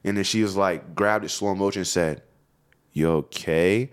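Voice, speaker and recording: A young man co-hosting a podcast, telling a high school story in a casual, profane, animated way. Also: fairly quick, clean tone. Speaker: podcast co-host.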